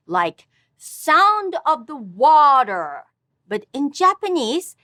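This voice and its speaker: Slow, lively-pitched woman teaching pronunciation. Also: no echo, studio quality. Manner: slow, careful, modeling pronunciation. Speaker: language teacher. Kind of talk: scripted language lesson narration.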